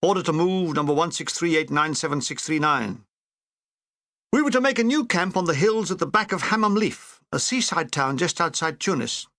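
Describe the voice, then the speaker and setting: A man's voice: fairly high pitch, lively intonation, normal speed, bright, forceful tone, dry recording. A man reading a comic war memoir aloud with dry, wry storytelling. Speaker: audiobook reader.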